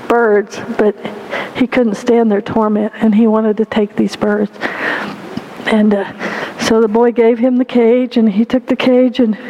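A woman's voice: fairly high pitch, little pitch movement, measured pace, mellow, highs cut off, slight background noise. A woman giving a heartfelt testimony and sermon story, earnest and full of "you know".

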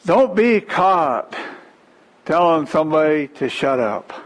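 A man preacher delivering a sermon, retelling a scripture story with animated, drawn-out emphasis. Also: a little high, poor audio.

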